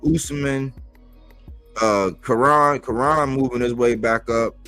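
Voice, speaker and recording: Hyped guy talking boxing rankings, mid pitched, slangy. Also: slow, faint music behind. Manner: excitable, loose slang. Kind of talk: casual chat. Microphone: remote livestream call.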